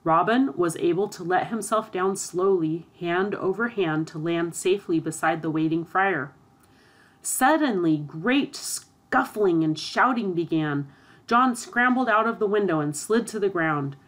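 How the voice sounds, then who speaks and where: A woman narrating a storybook aloud in a steady, expressive reading. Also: lowish voice, measured pace.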